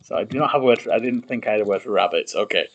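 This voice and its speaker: A streamer building a made-up language thinks aloud at his desk, muttering as he works, trailing off and correcting himself. His voice is on the low side and racing, the recording muffled, with keyboard clicks and typing behind him.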